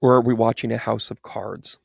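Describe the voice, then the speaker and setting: A man's voice: mid-range voice, fairly even intonation, fairly quick, creaky, slightly rough, no room sound, studio quality. A man giving a rambling, exasperated political commentary monologue with sarcastic asides. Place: New York.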